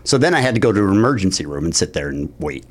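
A man co-hosting a radio show, telling a story in an animated way with exasperated retorts. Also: sits low, very fast. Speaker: radio co-host. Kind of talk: casual storytelling.

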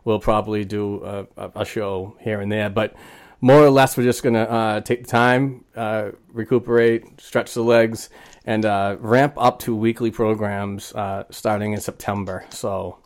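Guy hosting a hockey podcast, kinda low voice, lots of ums and restarts. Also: fairly even intonation, unhurried. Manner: rambling, many fillers and restarts. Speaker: podcast host. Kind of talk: casual sports podcast chat.

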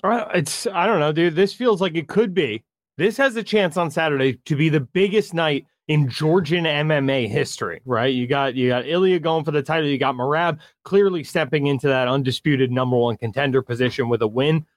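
Chill podcast cohost dude, kinda high voice, dry sound, lots of ums. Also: male voice, fairly quick, no room sound. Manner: relaxed, hesitant with fillers. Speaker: podcast co-host. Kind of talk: casual podcast chat.

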